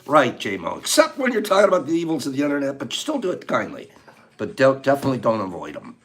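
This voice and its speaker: Lively older man chatting warmly. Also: mid-range voice, quick pace, soft background music. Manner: animated, warm storytelling with bursts of laughter. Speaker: host of a live tea-time stream. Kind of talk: casual chat, opening gifts and reading cards.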